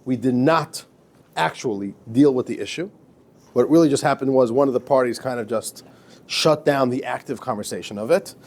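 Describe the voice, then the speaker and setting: Chatty rabbi lecturing a class. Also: male voice, mid-range voice, moderate pace. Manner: lively, chatty, repeats words, laughs at own stories. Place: classroom with students.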